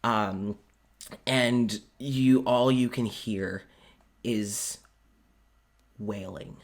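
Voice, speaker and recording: A man's voice: lowish voice, fairly even intonation. Man narrating as game master. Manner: quick, descriptive, stops to correct names.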